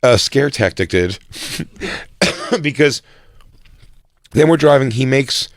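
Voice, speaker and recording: A man co-hosting a podcast, telling a story in animated, profane casual chat. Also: medium pitch, slow, dry recording. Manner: animated storyteller, swearing and laughing. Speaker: podcast co-host.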